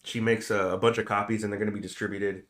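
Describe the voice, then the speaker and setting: A man casually retelling a film's plot on a podcast, animated and joking. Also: on the low side. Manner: animated retelling, quick jokes. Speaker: podcast host. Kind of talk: casual movie discussion.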